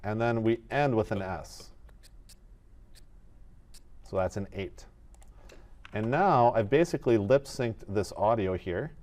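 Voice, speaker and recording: Guy with a lowish voice explaining animation steps one by one, laid back. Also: takes it slowly, pauses often. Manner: methodical, step-by-step, relaxed. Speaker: animation tutor. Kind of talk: screen-recorded software tutorial.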